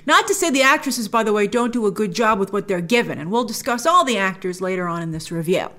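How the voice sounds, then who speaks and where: A woman giving a casual film review to camera, chatty and animated, acting out her own reactions. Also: mid-range voice, fast.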